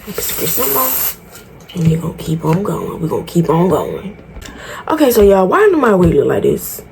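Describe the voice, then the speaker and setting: A woman's voice: lowish voice, huge pitch swings, moderate pace, vocal fry, a crowd in the background. A woman vlogging a tutorial in casual chat, talking straight to her viewers, frank, exasperated and swearing freely. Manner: chatty, talks straight to viewers. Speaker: beauty vlogger.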